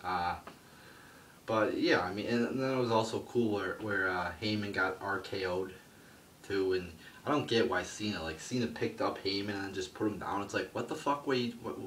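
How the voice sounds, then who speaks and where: A man's voice: on the low side, fairly bright tone. Profane man ranting, far from mic. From United States. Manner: crude, swearing, scornful. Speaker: wrestling show reviewer. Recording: roomy, distant mic, faint background noise.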